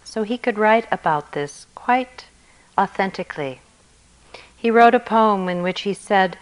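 A woman meditation teacher gives a dharma talk at an unhurried, slow pace. Her voice sits in a middle pitch, gentle and reflective, often softening at the ends of phrases. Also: expressive, poor audio. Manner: gentle and reflective, soft endings.

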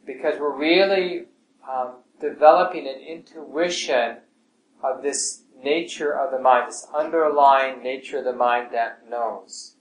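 Man, meditation teacher, calm and unhurried, voice often fades soft; roomy recording with faint hiss. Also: medium pitch. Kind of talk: talk to a meditation class. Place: class room at a meditation center.

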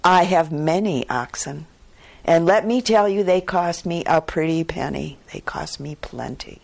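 Brief: self-assured wealthy male merchant, scoffing and lecturing, lowish husky tone, played by a woman storyteller. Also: unhurried, a little mellow, exaggerated voice. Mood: scoffing, confident. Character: wealthy smug male merchant, dismissive and sure of himself.

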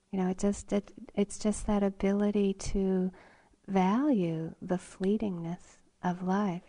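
At a retreat center, a woman meditation teacher gives a gentle, reflective dharma talk in a medium-pitched, creaky voice. Now and then she laughs softly or drops to a whisper.

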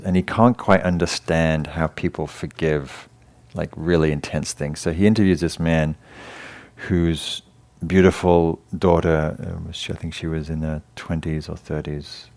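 In a meditation hall class, a meditation teacher with an English accent delivers a dharma talk. His pitch sits extremely low. Gentle and hesitant, he keeps stopping and restarting while recounting a story.

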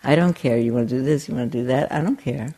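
A woman voicing a stubborn little boy from a storybook, repeating a flat, sulky refusal in a husky, gravelly voice. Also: a bass voice, quick pace.

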